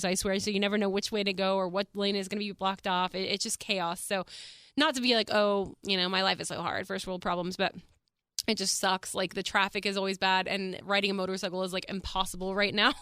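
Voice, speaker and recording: A woman's voice: mid-range voice, fairly bright tone, smooth, no echo, studio quality. A young adult woman hosting her own podcast, chatting casually and animatedly, swearing freely and saying "like" a lot. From Texas. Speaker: podcast host. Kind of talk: casual solo podcast chat.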